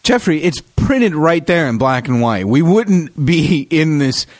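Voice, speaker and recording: A man's voice: a little high, sing-song, measured pace, no room sound. A young man co-hosting a comedy podcast in a small studio, bantering in a mock-pompous way. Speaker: podcast co-host.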